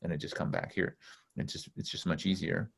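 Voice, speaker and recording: A man's voice: sits low, steady tone, brisk, vocal fry, slightly rough. A man talking casually on a call as a spiritual teacher, blunt and intense, swearing freely as he rambles. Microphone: call microphone.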